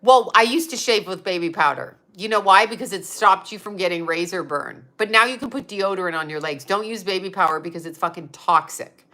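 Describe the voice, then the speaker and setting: A woman's voice: lowish voice, brisk, bright, forceful tone. A woman in her fifties with a stuffy nose, hosting a casual livestream chat, talking freely and with a lot of swearing, often laughing as she answers her viewers. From Utah. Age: 50s. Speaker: psychic medium host.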